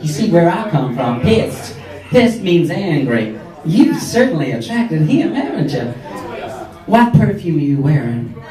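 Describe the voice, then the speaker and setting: A man performing as a brash, catty drag queen hostess, teasing a live audience with sarcastic, mock-haughty crowd work. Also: on the high side. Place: pub or club function room, live audience. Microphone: camera filming from the audience, far off. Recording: echoey room, far from camera, loud crowd. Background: audience laughter and chatter.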